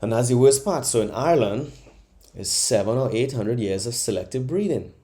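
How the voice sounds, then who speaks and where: Profane, ranting male podcast host, dark tone. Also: mid-range voice, moderate pace. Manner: animated, profane, mocking voices in bursts. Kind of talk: comedic monologue rant.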